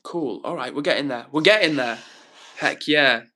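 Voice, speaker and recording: A man's voice: on the high side, normal speed, pushed and bright. A man hosting his own live stream, chatting casually and reading out viewer comments in an upbeat way.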